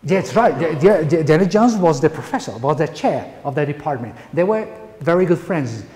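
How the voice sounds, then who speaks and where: A man's voice: on the high side, lively intonation, moderate pace, dark tone. A man with a Spanish accent, a pronunciation teacher giving an emphatic, playful lecture full of rhetorical questions. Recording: echoey hall reverb.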